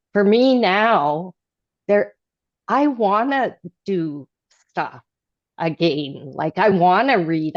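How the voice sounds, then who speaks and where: A woman sharing a personal story in a casual group chat, rambling and restarting, now and then bursting into loud, animated remarks. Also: fairly low pitch, no room sound, dull audio. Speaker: group participant.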